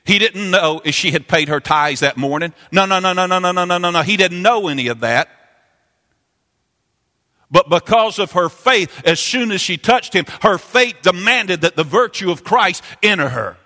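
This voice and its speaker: A man preaching a sermon, impassioned and repetitive, climbing into sung, chanting peaks before dropping low. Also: animated, moderate pace, bright, forceful tone. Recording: long hall reverb.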